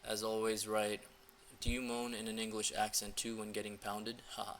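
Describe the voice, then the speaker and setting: A man's voice: on the low side, completely flat delivery, moderate pace, a bit bright, a little hiss or hum. A young man in a loose, filler-heavy casual walkthrough, coaching viewers on dating messages. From United States. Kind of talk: casual screen-recording walkthrough.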